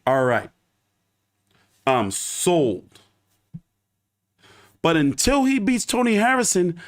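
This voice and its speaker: Male boxing vlogger, fairly high voice with lively swings, emphatic and profane live rant. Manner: profane, emphatic ranting with repetition. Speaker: boxing YouTube host.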